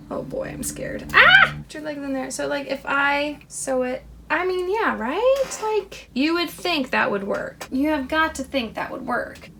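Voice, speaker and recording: A young woman with a high voice crochets a toy while casually talking to herself over background noise. Chatty and self-deprecating, the vlogger laughs at her own slip-ups.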